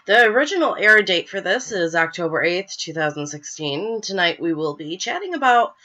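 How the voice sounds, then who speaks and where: Woman host with a cold, stuffy, bright and forceful, chatty and a bit apologetic, dull webcam sound. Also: lowish voice, sing-song, moderate pace. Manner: chatty, filler-heavy, apologetic. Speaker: podcast host. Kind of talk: casual live show chat.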